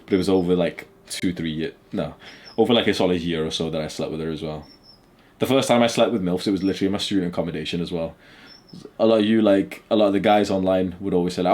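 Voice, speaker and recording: A man's voice: low-pitched, fast talker, a little mellow. Blunt, crude man in his twenties. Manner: blunt, crude, laughs a lot. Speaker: channel host. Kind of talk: casual chat.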